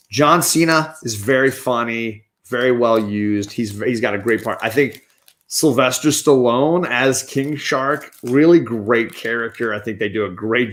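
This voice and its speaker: A man hosting a casual review show, talking through his opinions on films in a chatty, opinionated way with frequent restarts. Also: medium pitch. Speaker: comic and movie reviewer, show host.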